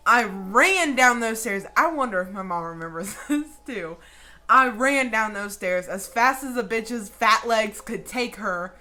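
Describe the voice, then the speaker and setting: A woman in her late twenties telling a story in a casual, animated vlog style, with lots of profanity and dramatic flair. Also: fairly high pitch, unhurried. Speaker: vlogger.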